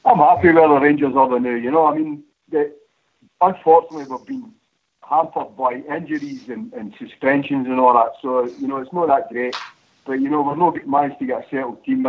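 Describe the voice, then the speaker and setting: A man's voice: medium pitch, a little fast. A man calling into a radio phone-in, talking bluntly and swearing casually. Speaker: caller. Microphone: phone line. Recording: muffled phone-in audio.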